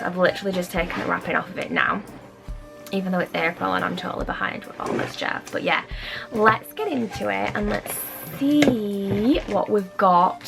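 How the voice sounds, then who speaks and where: A chatty woman vlogging an unboxing in a rambling, excitable way, slightly out of breath. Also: mid-range voice, vocal fry, low-quality recording. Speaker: beauty vlogger. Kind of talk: casual unboxing chat.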